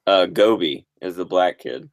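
A man's voice: low-pitched, unhurried, vocal fry, no echo. A man co-hosting a podcast in casual chat, joking, swearing and laughing a lot. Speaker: podcast co-host.

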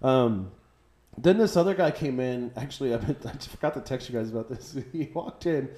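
A man in casual chat, telling his stories in an animated way and breaking into laughter. His mid-range voice carries a noticeable echo from the room around him. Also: medium pitch, brisk. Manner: animated storyteller, laughing through his anecdotes. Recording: roomy echoey room.

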